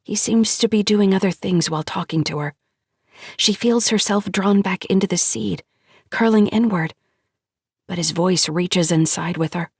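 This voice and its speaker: A woman narrating an audiobook in a measured, hushed storytelling manner on a close studio mic. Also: lowish voice, husky, no room sound.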